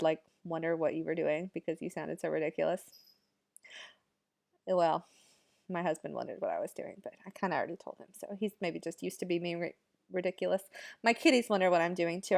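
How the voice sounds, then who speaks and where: A woman's voice: on the low side, vocal fry. A woman teacher recording a music lesson at home, chanting rhythm syllables and talking straight to the children watching.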